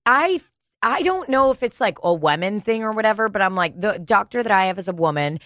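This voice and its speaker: A woman's voice: medium pitch, lively intonation, brisk, a bit bright, dry recording, studio quality. A woman co-hosting a podcast, telling a story in casual, profane chat. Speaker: podcast co-host. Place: podcast studio.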